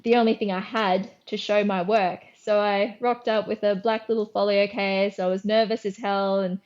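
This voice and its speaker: A middle-aged Australian woman, a guest artist, telling lively anecdotes in a casual interview, acting out her own lines and often restarting sentences. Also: mid-range voice, moderate pace, muffled recording.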